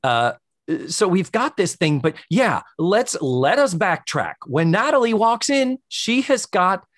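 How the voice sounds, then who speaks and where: Male podcast co-host, casual and animated, very lively intonation, dry close recording. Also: sits high, no room sound. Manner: animated, acts out characters' lines in quick voices. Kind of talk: casual chat recapping a sitcom episode.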